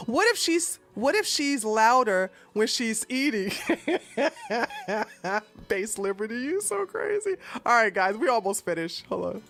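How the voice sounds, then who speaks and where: A woman giving sarcastic, profane reaction commentary, breaking into loud laughter and shouts. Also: on the high side, huge pitch swings, slow pace, pauses often, soft background music.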